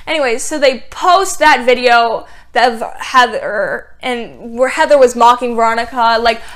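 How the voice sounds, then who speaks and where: A woman's voice: on the high side, a little slow, hardly any pauses, fairly bright tone. Sarcastic young woman reviewing a show. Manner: sarcastic, exasperated recapping with many "like"s. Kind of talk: casual TV review.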